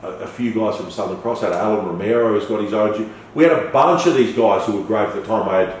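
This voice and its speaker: A man's voice: fairly low pitch, fast talker. A middle-aged man, a podcast guest, telling stories animatedly, swearing and acting out dialogue. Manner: animated storyteller who swears and acts out dialogue. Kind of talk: casual storytelling interview. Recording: echoey room, from far off, faint noise.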